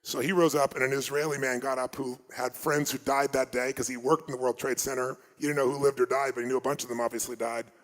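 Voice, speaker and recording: An American man telling stories at a motivational seminar, emphatic and dramatic, swinging between loud and hushed delivery. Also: mid-range voice, flat delivery, fast, few pauses. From United States. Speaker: motivational speaker. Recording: long reverb of a large hall.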